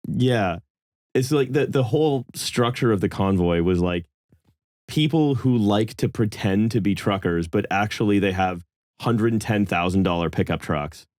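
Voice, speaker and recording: Man, lowish voice, podcast host, dry jokey asides, dead dry close mic. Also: animated, normal speed, a little mellow, no echo. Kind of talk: casual chat.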